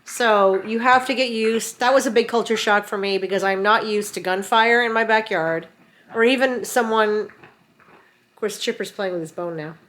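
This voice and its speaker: A middle-aged woman vlogger telling a story from home in a casual, animated way, acting out what people said. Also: mid-range voice. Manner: animated, acts out quotes. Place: home in rural mountains.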